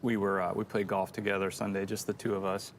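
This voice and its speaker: Low-voiced rambling storytelling man. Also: flat delivery, fast talker, a little hiss or hum. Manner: rambling, self-deprecating storyteller. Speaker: church show co-host. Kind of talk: casual faith chat.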